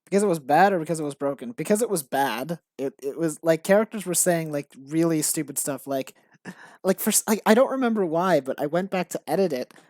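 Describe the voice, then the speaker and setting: A man's voice: a little high, animated, fairly quick, darkish tone, no echo. Rambling man on a dry mic. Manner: rambling, self-interrupting, frequent fillers and restarts. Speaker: streamer and game developer. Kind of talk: casual live-stream commentary.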